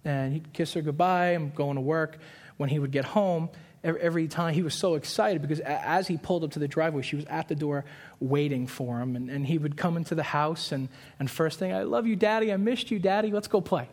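A man in his twenties preaching a sermon, telling a story with animated voices and repeating key lines for emphasis. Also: fairly high pitch. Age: 20s. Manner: storytelling with animated put-on voices and quick asides.

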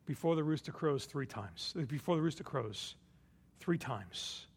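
A preacher speaking as a solemn teacher figure. The voice drops low and hushed, with a gravelly grain. Each word comes out slow and grave. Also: male voice, animated, heavily acted. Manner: low, hushed, ending in a whisper. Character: solemn teacher figure, calm grown man, foretelling.

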